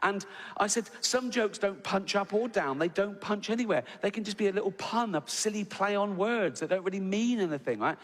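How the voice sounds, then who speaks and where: The live recording, full of hall reverb and audience noise, captures a middle-aged stand-up comic on a big theatre stage. His voice is high-pitched, expressive, brisk, and a bit bright as he swears constantly and plays both sides of arguments at raised volume.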